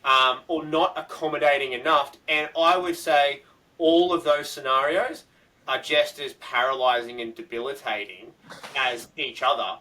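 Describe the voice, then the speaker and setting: A man's voice: medium pitch, fairly even intonation, moderate pace, sharp tone, recorded from a distance, rough recording. A man co-hosting a podcast, explaining in casual chat with plain everyday examples. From Australia. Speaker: podcast co-host.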